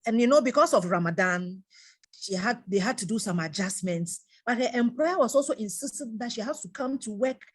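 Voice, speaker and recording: A woman's voice: on the high side, a little fast, breathy edge. Middle-aged woman telling a story. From Ghana. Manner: animated storytelling, repeats phrases. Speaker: guest speaker. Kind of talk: religious advice talk.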